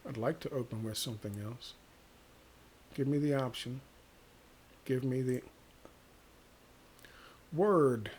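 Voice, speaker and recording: A man delivering a profane, exasperated, sarcastic rant as a vlogger, with a gravelly voice. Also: mid-range voice, takes it slowly, pauses often, a little mellow, slight background noise. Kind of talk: ranting monologue to camera.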